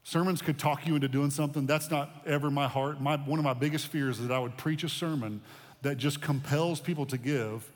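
A man's voice: on the high side, fairly even intonation, a little fast. Man preaching in a reverberant hall. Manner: conversational preaching with repetitions and restarts. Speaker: pastor. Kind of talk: sermon. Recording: long reverb of a large hall.

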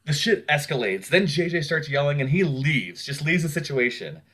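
A man's voice: fairly high pitch, normal speed. A man telling a long personal story in casual conversation, swearing freely and acting out what other people said. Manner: animated, acts out other people's words.

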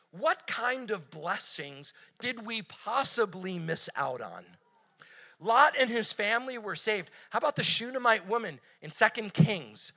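Middle-aged male preacher, high bright voice, lively, acts out the quotes. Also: moderate pace, creaky. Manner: energetic, animated, acts out quotes with sudden pitch jumps. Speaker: guest preacher. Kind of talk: sermon.

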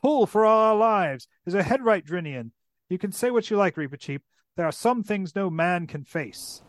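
A brisk, commanding young king, a little exasperated, read by a man. He sounds urgent and clipped, and his voice is dry and close to the microphone. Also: high-pitched, animated, dry recording, pitched above the performer's own voice.

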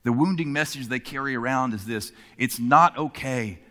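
A man preaching a sermon, moving between emphatic lines and hushed ones. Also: mid-range voice, normal speed, long reverb tail. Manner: expressive, swinging between emphatic and hushed delivery. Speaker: pastor.

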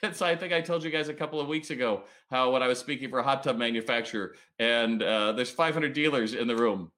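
A man hosting a business livestream, ranting bluntly and swearing as he pushes retailers to plan and fight. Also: a little fast. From United States. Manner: blunt, fiery, swears, lively swings in pitch. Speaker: business coach livestream host. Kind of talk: ranting motivational livestream talk.

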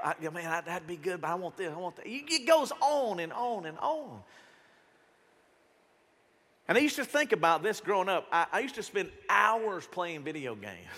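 In a church auditorium, a male pastor delivers a sermon in a casual, animated style, now and then slipping into other voices. His voice sits high and sounds pushed and bright, and a long reverb tail follows it.

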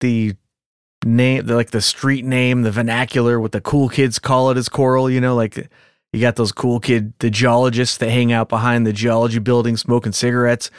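A man telling details in a wry, playful way during a relaxed podcast chat. His voice sits at a medium pitch. The recording is dry and close. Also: moderate pace, smooth, no room sound. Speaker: podcast co-host. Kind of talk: casual chat.

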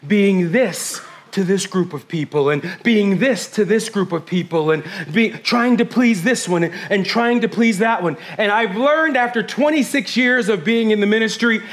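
A middle-aged man preaching a sermon as pastor, fast and intense, swinging from hushed whispers to loud bursts. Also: sits high.

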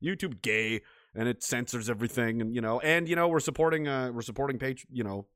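A man's voice: mid-range voice, fairly quick, a bit bright, no echo, clean studio sound. A man from Western Canada, hosting a livestream and reading viewer messages in a crude, profane, joking way. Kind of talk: casual livestream chat.

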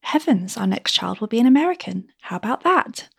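Woman reader voicing a chattering, pleading young mistress; gravelly texture, close and dry. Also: on the high side, big pitch swings, a little fast, dry recording, exaggerated voice. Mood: excited. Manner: gushing, pleading, rising.

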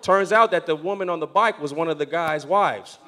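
High-voiced man telling a lively sermon story. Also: brisk, background noise. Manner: animated storyteller who acts out the voices of people in his story. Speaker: pastor.

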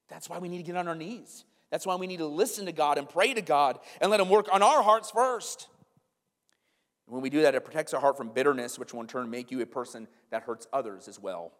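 A man's voice: fairly high pitch, long reverb tail. A male pastor preaching a sermon earnestly and conversationally, asking rhetorical questions and acting out quotes.

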